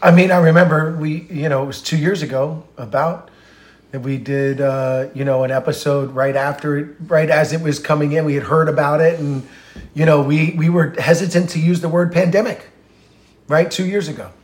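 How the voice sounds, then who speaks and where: Male co-host, high voice, animated, joking riffs. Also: moderate pace. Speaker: podcast co-host. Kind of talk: casual chat.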